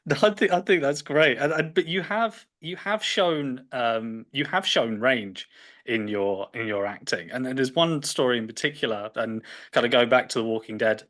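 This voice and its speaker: A man's voice: medium pitch, normal speed, fairly bright tone. A British man hosting a podcast interview, asking questions with many fillers and restarts. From Britain. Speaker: podcast host. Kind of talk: casual interview chat.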